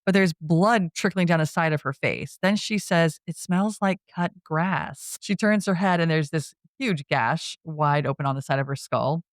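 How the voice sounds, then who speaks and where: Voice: mid-range voice, moderate pace, hardly any pauses, no room sound, clean studio sound. A podcast co-host giving a casual scene-by-scene movie recap, acting out quotes and laughing often. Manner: retells scenes with acted-out quotes.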